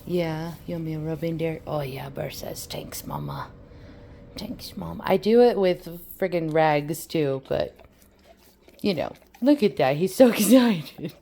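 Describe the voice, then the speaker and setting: Slow, rambling woman in her kitchen. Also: low-pitched, animated, vocal fry, mellow, rough recording. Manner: rambling, chatty, fond of swearing. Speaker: vlogger host. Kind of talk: casual cooking vlog chat. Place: home kitchen.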